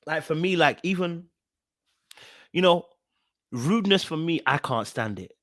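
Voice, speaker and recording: A man giving casual commentary on a reality show, animated and full of fillers and restarts as he repeats his points. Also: a little high, unhurried, no echo, clean studio sound. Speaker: reaction video host.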